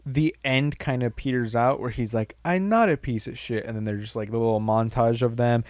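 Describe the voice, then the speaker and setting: A man co-hosting a casual comedy podcast, retelling scenes in an animated way with lots of fillers and swearing. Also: medium pitch, brisk, no echo. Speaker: podcast co-host. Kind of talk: casual comedy review chat.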